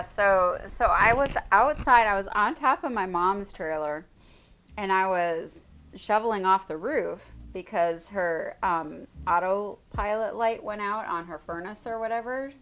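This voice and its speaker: Chatty woman co-host, rambling storyteller, soft music underneath. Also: medium pitch. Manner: rambling storyteller, many fillers. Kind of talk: casual livestream chat.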